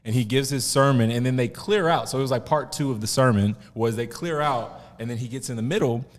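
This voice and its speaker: A man hosting a podcast, telling a story in an animated, casual way and laughing often. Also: medium pitch, brisk, long reverb tail. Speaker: podcast host.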